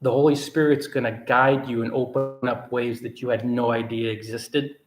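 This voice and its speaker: A man's voice: medium pitch, little pitch movement, moderate pace, faint music behind. A man in his forties, a blogger hosting his own vlog, talking casually from an apartment and often correcting himself as he goes. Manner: rambling, self-correcting, upbeat. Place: apartment overlooking a river. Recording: roomy echo.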